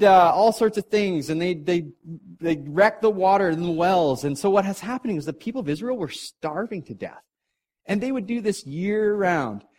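Animated man telling a sermon story. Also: high-pitched. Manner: animated, jokey, acts out characters.

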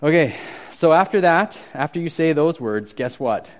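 A young man giving a casual, animated youth sermon, talking conversationally with frequent restarts. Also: fairly high pitch, moderate pace. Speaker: youth pastor.

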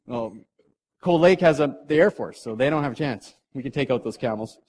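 A middle-aged man preaching to a live audience in a hall, telling a story in a casual, animated way, with jokes and acted voices. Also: medium pitch, brisk. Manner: animated, jokey, acts out characters.

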